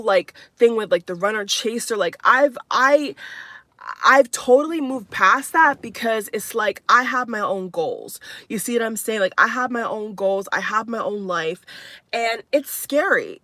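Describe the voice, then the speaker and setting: Young woman, twenties, personal vlog, emphatic and repetitive, bright tense voice, dry close sound. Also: a little high, dry recording. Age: 20s. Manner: emphatic, repeats herself, fillers like "you know". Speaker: spiritual vlogger. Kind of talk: candid personal monologue.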